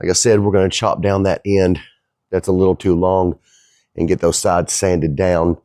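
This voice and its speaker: A man's voice: low voice, flat delivery, normal speed, dark tone, dry recording, studio quality. A middle-aged man, the owner of a fabrication shop, talking casually in a rambling, folksy way as he works. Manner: easygoing, rambling, folksy talk.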